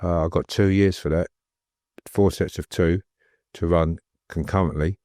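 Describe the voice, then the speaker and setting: A man's voice: sits low, fairly even intonation, unhurried, mellow, dry recording, clean studio sound. A middle-aged man, a guest recounting stories in a rambling, anecdotal way. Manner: rambling, anecdotal, laughs while telling stories. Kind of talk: casual storytelling interview.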